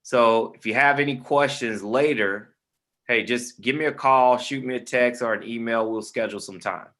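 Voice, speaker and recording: A man's voice: medium pitch, moderate pace, a bit bright. Friendly man teaching on a video call. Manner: friendly, informal, calls listeners man and brother. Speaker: real estate investor teaching a webinar. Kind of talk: online webinar instruction.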